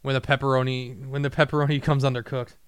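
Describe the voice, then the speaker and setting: A man hosting a casual podcast chat, excitable and laughing often. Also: medium pitch, fast talker, clear, resonant tone, no echo. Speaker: podcast host.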